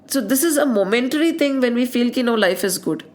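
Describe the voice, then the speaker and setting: An Indian woman with a fairly high voice teaches scripture to her listeners. She slips Hindi words into her English and asks many rhetorical questions. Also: lively intonation, fast. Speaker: spiritual teacher. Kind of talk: explaining scripture.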